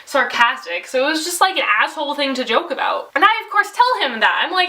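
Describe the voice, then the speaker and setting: A woman's voice: high-pitched, animated, brisk, sharp tone, poor audio. A teenage girl rambling through an exasperated vent in a casual video diary, with lots of "like". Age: teens. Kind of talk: casual venting vlog.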